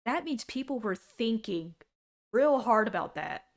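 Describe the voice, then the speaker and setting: A woman's voice: fairly high pitch, measured pace. Laughing, sarcastic young woman streamer. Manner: animated, laughs a lot, sarcastic. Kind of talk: casual reaction stream.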